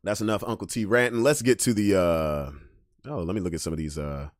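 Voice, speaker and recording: A man hosting a podcast, ranting casually, swinging from loud emphasis to low mutters. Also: fairly quick, dry recording, clean studio sound. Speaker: podcast host. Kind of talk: casual monologue rant.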